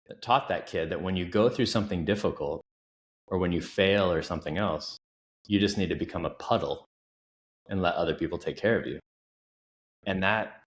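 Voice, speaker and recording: A man in his thirties, a coach talking as a podcast guest, telling stories earnestly and with emphasis. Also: low voice. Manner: earnest storytelling, emphatic and animated. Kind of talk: casual interview conversation. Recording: roomy echo.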